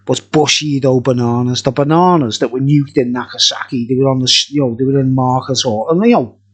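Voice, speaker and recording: A man's voice: medium pitch, brisk, breathy edge. A middle-aged man reviewing beer in a tipsy, jokey, rambling vlog chat, laughing often.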